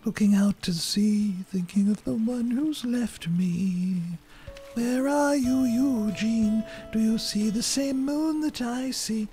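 A man voicing a moody, lovesick animal villager from a cozy life-sim video game, reading its lines in a slow, wistful, drawn-out way. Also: extremely high pitch, mellow, faint music behind, voice pushed up, poor audio. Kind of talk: reading game dialogue aloud.

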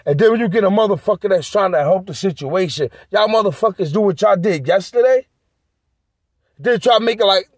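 A man's voice: high-pitched, brisk, no echo, studio quality. A man vlogging in a heated, profane rant aimed straight at his viewers. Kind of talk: ranting monologue to camera.

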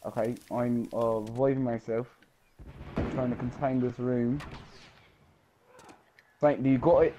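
A man chatting and joking with teammates while playing an online shooter, bantering with mock exclamations and shouting during fights. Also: medium pitch, little pitch movement, a little slow, long pauses, slight background noise. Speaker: online multiplayer gamer. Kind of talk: casual gaming chat with teammates.

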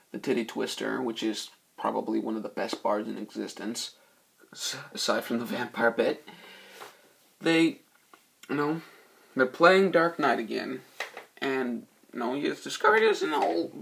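A young man reviews a film off the cuff in a gravelly voice, cursing freely and often forgetting what he meant to say. His pitch swings widely, and he breaks into loud, shouted bits when he acts out lines from the film. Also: a little hiss or hum. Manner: profane, rambling, loses his train of thought. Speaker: movie reviewer. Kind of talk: casual rambling film review.

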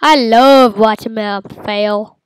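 A woman giving silly, playful commentary while playing a game, with sudden loud outbursts. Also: fairly high pitch, fairly even intonation, slow, clear, resonant tone, dry recording, rough recording. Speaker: gamer. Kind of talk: casual let's-play commentary.

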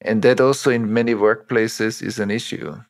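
A middle-aged man, an interview guest who teaches about trauma, explaining ideas in a measured, reflective way with personal examples. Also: on the low side, steady tone.

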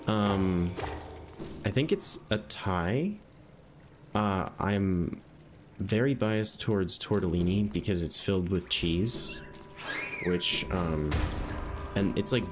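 A young man from the northeastern United States streaming a video game, chatting in a rambling, easygoing way full of "um"s and "like"s. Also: low voice. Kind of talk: casual live-stream commentary while gaming. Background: game music.

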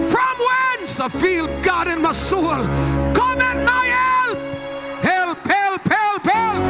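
Male preacher yelling and chanting, really high voice, gravelly, slow and drawn out, church music going loud behind. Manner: chanting, shouting, speaks in tongues. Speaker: pastor. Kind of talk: shouted Pentecostal sermon. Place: church sanctuary.

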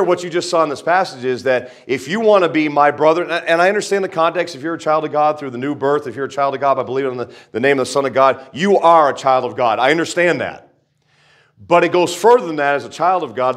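A man preaching a sermon in a folksy, conversational way, with jokes and asides, reading scripture aloud and praying. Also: medium pitch. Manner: reads scripture aloud and prays. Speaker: pastor.

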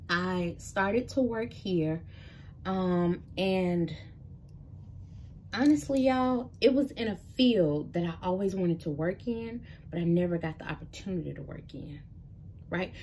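A woman's voice: on the low side, animated, slow, pauses often, darkish tone, slight background noise. A woman in her thirties, talking casually and directly to her viewers as she shares a personal faith story. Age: 30s. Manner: casual and chatty, talks straight to viewers as "y'all". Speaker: vlogger. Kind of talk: personal testimony vlog. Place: Memphis.

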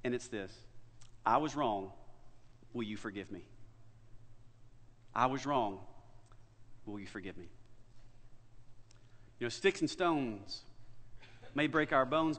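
A man preaching a sermon, telling a story with big swings between loud and hushed delivery. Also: medium pitch, in a large hall. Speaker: pastor. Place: church sanctuary.

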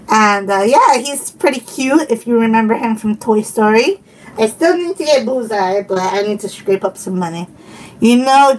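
Giggly high-voiced woman gushing over toys. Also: a little mellow, recorded from a distance, slight background noise, low-quality recording. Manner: giggly and gushing, frequent laughter. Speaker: vlogger. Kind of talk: casual unboxing chat.

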